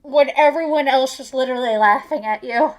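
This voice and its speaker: Woman, high-pitched, casual livestream commentary, indignant, rambling. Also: fairly quick. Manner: indignant, rambling with many fillers and restarts.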